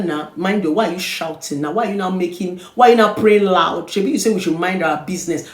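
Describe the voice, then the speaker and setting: A Nigerian woman, a relationship therapist, lecturing her online audience with scolding rhetorical questions that swing between loud and quiet. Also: fairly low pitch, fast, hardly any pauses. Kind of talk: preaching-style monologue to camera. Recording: echoey room.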